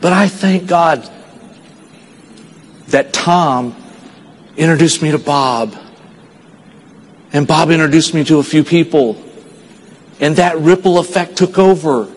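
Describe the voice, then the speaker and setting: A man from Texas giving an earnest, storytelling speech to a conference audience, dropping low and quiet at the sad parts. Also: takes it slowly, pauses often, in a large hall, poor audio. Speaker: motivational speaker.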